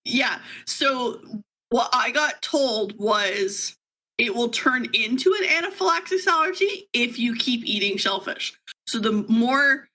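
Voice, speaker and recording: A woman's voice: a little high, a little slow, rough recording. A woman in her thirties co-hosting a podcast, sleepy and laughing as she chats casually. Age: 30s. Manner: laughing, animated storytelling. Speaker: podcast co-host. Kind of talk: casual chat.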